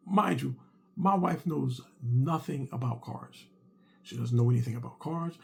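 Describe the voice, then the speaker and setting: A man telling a comic story casually, animated and repetitive with punchy asides. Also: medium pitch, measured pace, vocal fry, breathy edge.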